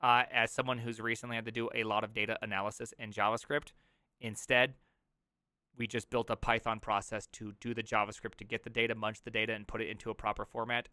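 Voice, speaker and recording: A man streaming live, reacting to a video with sarcastic rants and mock sales pitches. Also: sharp tone, clear, resonant tone, no room sound, studio quality.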